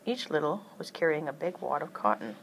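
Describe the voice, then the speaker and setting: A woman's voice: sits low, very animated, fairly quick, slight background noise, poor audio. Woman reading a children's book aloud. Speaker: reader.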